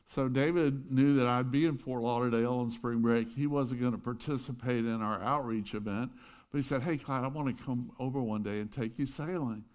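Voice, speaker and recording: A middle-aged pastor telling a lively story in his sermon, with chuckling asides. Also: mid-range voice, a little fast.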